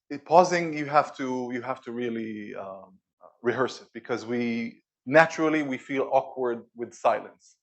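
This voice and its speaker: Energetic man giving an office talk. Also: mid-range voice, dull audio. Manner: energetic, demonstrative, pausing for emphasis. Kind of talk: live presentation to co-workers. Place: office event room with an audience.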